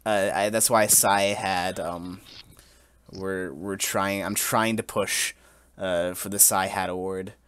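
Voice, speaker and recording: Young guy hosting a podcast, lowish voice, super dry sound, keeps tripping over his words and cracking up. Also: steady tone, a bit bright, clean tone, no room sound. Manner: halting, full of restarts, breaks into giggles. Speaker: podcast host. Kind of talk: casual podcast chat, mock-solemn storytelling.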